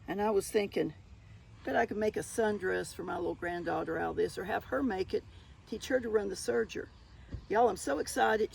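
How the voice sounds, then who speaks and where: Gravelly older Southern woman, chatty. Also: mid-range voice, darkish tone, a little hiss or hum, low-quality recording. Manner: chatty and folksy, keeps calling the viewers y'all. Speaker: thrift haul vlogger. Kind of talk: casual show-and-tell haul.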